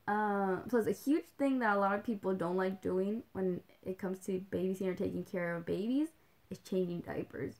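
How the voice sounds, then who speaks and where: Young woman with a gravelly, vocal-fry voice. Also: medium pitch, normal speed, darkish tone. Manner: chatty, rambling, with many "like"s and little laughs; mixes in Spanish phrases. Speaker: livestream host. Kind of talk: casual chat.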